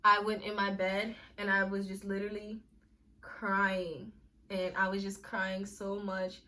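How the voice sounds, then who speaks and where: A woman's voice: medium pitch, completely flat delivery, a little slow, pushed and bright. A young woman telling a personal story on a casual vlog, candid and emphatic, with slang and restarts when emotional. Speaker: vlogger.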